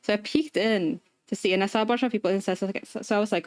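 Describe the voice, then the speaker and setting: A woman livestreamer telling a story in casual chat, animated and laughing often as she talks while assembling a paper craft. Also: mid-range voice, very fast, dry recording. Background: talking while assembling a paper craft.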